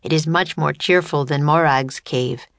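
A kind teenage girl of the sea who talks in measured, slightly formal sentences, as a woman reader plays her. The voice is low and calm, recorded close with no room sound. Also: no echo. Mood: gentle.

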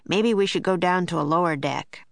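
Woman voicing a calm earnest young boy. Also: on the low side, moderate pace, vocal fry, no room sound. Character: young boy, cautious and caring. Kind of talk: audiobook character voice.

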